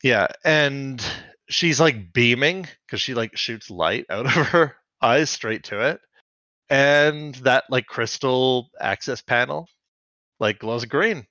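A man's voice: mid-range voice, takes it slowly, pushed and bright, dry recording, highs cut off. A man co-hosting a podcast, recapping a cartoon in chatty casual talk full of fillers. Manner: chatty, filler-heavy, laughs often. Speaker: podcast co-host.

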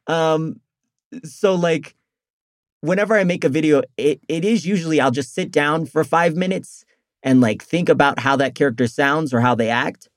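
A man's voice: fairly high pitch, normal speed, no room sound, studio quality. A man who is a comedy guest on a podcast, rambling in casual chat and laughing often.

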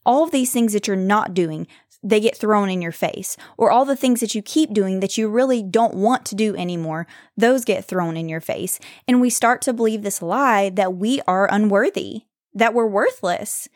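A woman's voice: medium pitch, darkish tone, no room sound, studio quality. Earnest woman giving a devotional talk. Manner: earnest, reassuring, reads scripture slowly with emphasis. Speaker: faith podcast host.

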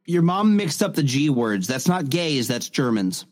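A man co-hosting a casual podcast, cutting in with quick sarcastic jokes. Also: medium pitch, sing-song. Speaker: podcast co-host.

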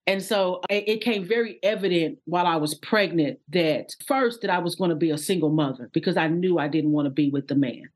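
A woman's voice: lowish voice, brisk, hardly any pauses, darkish tone. A woman in her thirties, a guest minister from Indiana, talking candidly and chattily with lots of "you know" fillers. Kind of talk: casual interview talk.

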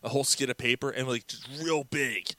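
Bright-voiced man telling a prank story. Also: mid-range voice, a little fast, dry recording. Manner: laughing, rambling, swearing. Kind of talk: casual storytelling.

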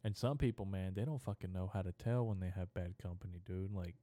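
A man's voice: deep voice, brisk, warm tone, no echo. A young adult man hosting a podcast, delivering a rambling, profane, stream-of-consciousness comedy monologue. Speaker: podcast host.

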